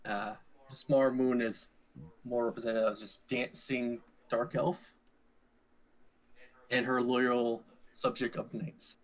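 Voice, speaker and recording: A man narrating a tabletop role-playing game as dungeon master, describing scenes slowly with frequent fillers. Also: mid-range voice, poor audio. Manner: slow, relaxed narration with fillers.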